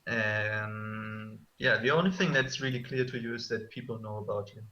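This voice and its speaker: A man's voice: on the low side, steady tone, normal speed, bright, forceful tone, lo-fi sound. A man running a tabletop game as game master, casual and loose with many fillers.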